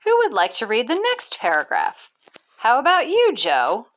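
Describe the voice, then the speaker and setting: A woman voicing a polite but condescending female schoolteacher, speaking crisply and a little louder. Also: fairly high pitch, wildly swooping pitch, moderate pace, slight background noise, voice pushed up. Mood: sharp. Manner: crisp classroom instructions, raised voice.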